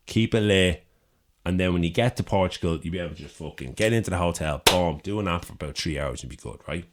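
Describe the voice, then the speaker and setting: A young Irish man with a Dublin accent, co-hosting a podcast and telling a profane, animated story in a casual chat from a city studio. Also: deep voice. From Ireland. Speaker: podcast co-host. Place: city studio with door open.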